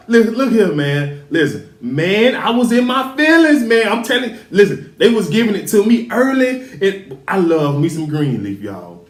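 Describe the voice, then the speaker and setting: A man's voice: high voice, huge pitch swings, normal speed. A man hosting a casual TV recap, emphatic and laughing as he talks back to the characters. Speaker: TV show recap host. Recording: roomy echo.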